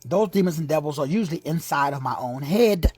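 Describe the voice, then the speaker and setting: A man with a Texan accent preaching an informal sermon, playful and slangy, who drops into hushed whispers for asides. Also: a little high, animated, fairly quick, breathy edge, no room sound. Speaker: preacher and teacher.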